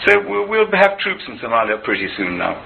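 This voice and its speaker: A man talking in an interview, animated and often stammering over repeated words. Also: medium pitch, brisk, creaky, phone-quality sound, slight background noise. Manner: animated, with frequent stammered repetitions. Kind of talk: impassioned conversational interview.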